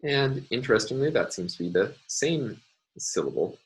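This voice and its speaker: A man lecturing on phonology, speaking in a measured, halting way with many fillers. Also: medium pitch, animated, rough recording.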